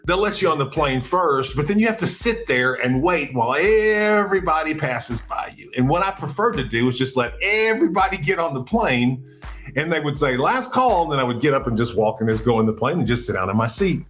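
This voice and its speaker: A male podcast host telling a story casually, in an animated way, acting out what people said. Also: fairly quick, soft background music. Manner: animated, acts out quotes with big pitch jumps.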